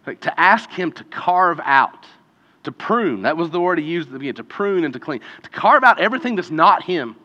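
A man's voice: a little high, very animated, a little fast. A man preaching a conversational sermon as a pastor, talking casually and then building to emphatic peaks. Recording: dull lo-fi sound with long hall reverb.

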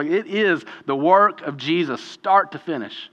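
Bright-voiced man leading Bible study. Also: fairly high pitch, measured pace, few pauses. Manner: informal, asks the group questions. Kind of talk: conversational Bible teaching. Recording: dull lo-fi audio with long room reverb.

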